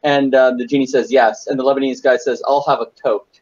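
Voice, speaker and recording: A man's voice: mid-range voice, fairly even intonation, a little mellow, husky, muffled recording. A man telling jokes in a casual group chat, stumbling and restarting lines as he goes. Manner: halting, restarts, loose joke delivery. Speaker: podcast regular telling jokes.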